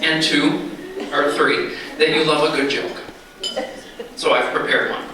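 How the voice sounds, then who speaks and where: A man giving an after-dinner speech, telling a joke in a folksy, halting way, heard from far off in a large banquet hall. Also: on the high side, steady tone, a loud crowd. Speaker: speaker at a retirement dinner.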